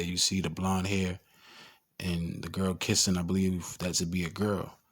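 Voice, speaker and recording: A man's voice: low voice, breathy edge. A man talking casually while explaining images and reading scripture aloud. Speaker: commentator on symbolism and scripture. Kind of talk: casual screen-share commentary.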